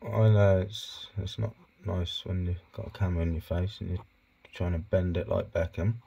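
Soft-spoken husky man coaxing a pet. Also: little pitch movement, moderate pace, highs cut off. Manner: soft, coaxing, low-key murmuring to his hedgehog. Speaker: pet keeper vlogger. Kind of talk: casual talk to a pet.

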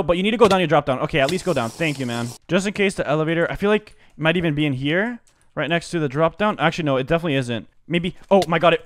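A man giving live commentary on his own gameplay, excitable and slangy, jumping from low muttering to loud outbursts. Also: a little hiss or hum. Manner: slangy, says dude and bro a lot. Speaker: gaming commentator.

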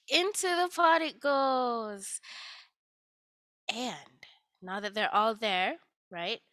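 A woman, telling a children's story in a lively, casual way. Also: fairly high pitch, no echo.

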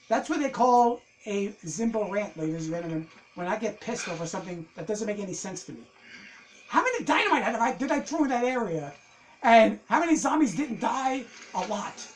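A man commentating his own gameplay in a casual, excitable way, cursing and venting when things go wrong. His voice sits high and swings widely in pitch. Noisy game sound runs loudly behind him. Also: normal speed. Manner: excitable, swearing, ranting at the game. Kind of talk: casual let's-play commentary.

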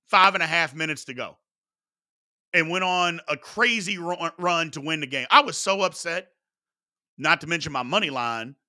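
Animated bright-voiced male sports host. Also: a little high. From Louisville, Kentucky area. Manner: animated, repeats points for emphasis. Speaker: sports talk show host. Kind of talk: live sports talk, reading chat questions.

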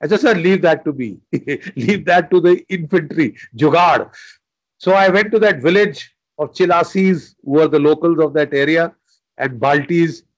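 An older man with an Indian English accent, a retired army general telling war stories in an interview, forceful and animated, acting out dialogue and swearing casually. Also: fairly high pitch, moderate pace, low-quality recording. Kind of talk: anecdotal interview storytelling.

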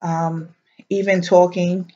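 A woman's voice: on the low side, flat delivery, slow pace, warm tone, muffled recording. A young pregnant woman chatting in a rambling, casual vlog update, a little stuffy-nosed and short of breath, with frequent ums and likes. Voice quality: nasal, stuffy. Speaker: vlogger.

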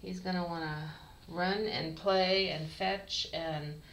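Slow-talking woman in an echoey bathroom. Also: fairly low pitch, fairly even intonation, fairly bright tone, slight background noise. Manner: coaxing, cooing to kittens. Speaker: cat breeder. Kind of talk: casual video narration. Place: small indoor bathroom. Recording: echoey bathroom, mic far off.

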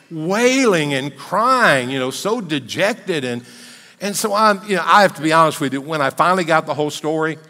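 A man's voice: on the high side, bright, forceful tone. An older man, a pastor, telling a story in a sermon in a plain, conversational, folksy way. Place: church sanctuary. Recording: long hall reverb in a church.

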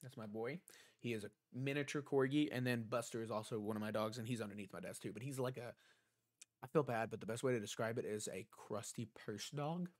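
Brisk and medium-pitched, a young man talks into his desk mic while live streaming a game from home. The gaming streamer keeps things casual, chatting and replying to what viewers ask.

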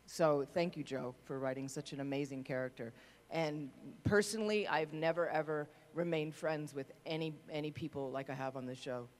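A woman's voice: low voice, fairly even intonation, moderate pace, in a large hall. A woman actor speaking effusively on a convention panel. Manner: effusive, emphatic lists. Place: convention hall.

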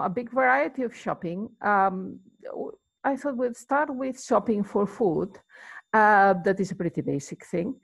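Chatty woman teaching. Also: mid-range voice. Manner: chatty, many fillers, repeats words slowly for practice. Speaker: Spanish teacher. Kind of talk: relaxed video lesson.

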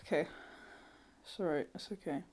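A woman giving casual let's-play commentary, thinking aloud, swearing freely and breaking into sudden excited squeals. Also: sits low, normal speed, slightly rough. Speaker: gamer.

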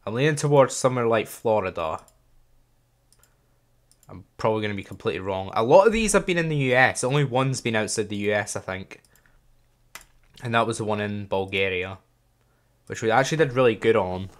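Low-voiced gaming host. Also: male voice, lively intonation, normal speed, long pauses. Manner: chatty, thinking aloud, self-deprecating. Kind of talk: casual gameplay commentary.

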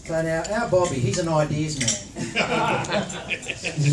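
A man's voice: a little high, measured pace, long pauses. An Australian man in his sixties giving a humorous after-dinner speech at a reunion, telling stories with frequent chuckles. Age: 60s. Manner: jovial storytelling, chuckles often. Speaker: reunion speaker. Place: large function room at a dinner. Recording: echoey hall from far off with crowd.

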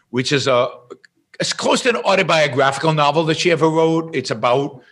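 A man as an interview guest, telling an anecdote in a lively way and often restarting his sentences. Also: fairly high pitch. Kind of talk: explaining and storytelling in conversation.

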